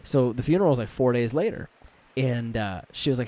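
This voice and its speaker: Young guy on a podcast telling stories, swears a lot, normal pitch. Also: lively intonation, a little fast, warm tone. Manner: storytelling, swears casually. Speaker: podcast co-host. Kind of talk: casual chat.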